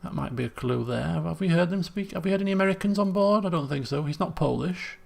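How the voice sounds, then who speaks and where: A man's voice: fairly high pitch, fast, creaky. A man, thinking aloud as he streams a puzzle game, muttering guesses and restarting sentences. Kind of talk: casual gameplay commentary.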